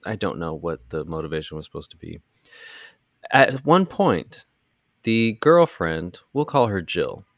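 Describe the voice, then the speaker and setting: A low-voiced man hosting a podcast. He recaps a film in loose, animated chat, sarcastic and swearing freely. His voice sounds dry and close. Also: unhurried, gravelly, no echo. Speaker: podcast host. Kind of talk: casual movie recap chat.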